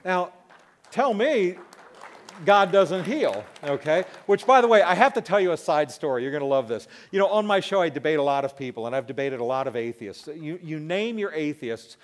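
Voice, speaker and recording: A man in his fifties, a talk show host, telling a personal testimony as a lively story and acting out sounds and asides. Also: a little high, moderate pace. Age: 50s.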